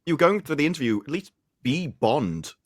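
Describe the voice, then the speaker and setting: A man's voice: fairly high pitch, sing-song, moderate pace, no echo. Opinionated male panelist, dry sound. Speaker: panel guest. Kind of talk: casual panel chat.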